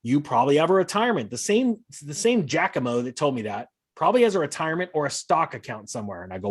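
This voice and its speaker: Man, animated, sarcastic, somewhat high voice, casual chat. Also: quick pace, hardly any pauses, husky. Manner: animated, sarcastic, acts out imagined dialogue. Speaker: guest.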